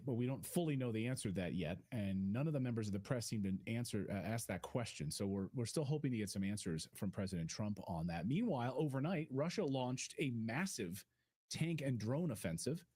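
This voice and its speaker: Mellow-voiced man hosting a news talk show. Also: medium pitch, slightly rough. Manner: relaxed, talks with a co-host and reads out posts. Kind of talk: conversational news commentary.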